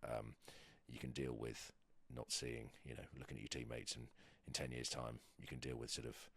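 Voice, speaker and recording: A man's voice: very deep voice, flat delivery, moderate pace, gravelly, a bit bright, slightly rough, no room sound. An English rugby player in his thirties, chatting on a podcast in a rambling, hesitant way with lots of fillers and restarts. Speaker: guest, professional rugby player. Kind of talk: casual podcast chat.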